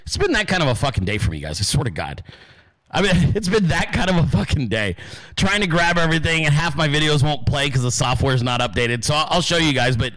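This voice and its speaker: A man's voice: fairly high pitch, very animated, brisk, a bit bright, rough recording. A man hosting a podcast, ranting profanely in casual political commentary and calling his listeners dude and guys. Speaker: podcast host.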